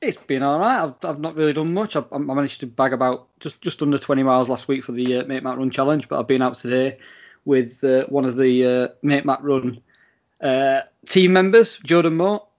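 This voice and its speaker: A man's voice: mid-range voice, a little fast, muffled recording. A British man co-hosting a casual podcast, friendly and rambling, with many fillers. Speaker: podcast co-host.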